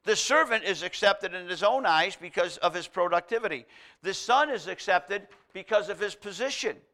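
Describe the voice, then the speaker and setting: A man's voice: high-pitched, expressive, moderate pace, sharp tone. A man preaching a sermon, reading scripture aloud and driving his points home with repeated contrasts. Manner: emphatic, repetitive contrasts, reads scripture aloud.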